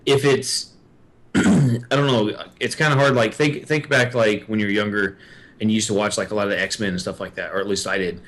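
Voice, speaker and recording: Low-voiced male guest from Texas, loose and rambling. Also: fairly even intonation, moderate pace, a bit bright. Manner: rambling, crude, many "like" fillers. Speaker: podcast guest. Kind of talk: casual podcast chat.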